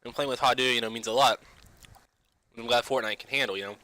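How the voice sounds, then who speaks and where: Here a young gaming vlogger rattles on quickly, his mid-range voice very bright and sharp-edged yet fairly even in intonation. Nearly every phrase carries a "you know," and the rant rambles with restarts and offhand swearing. The recording is rough, dry and close, with no room around it.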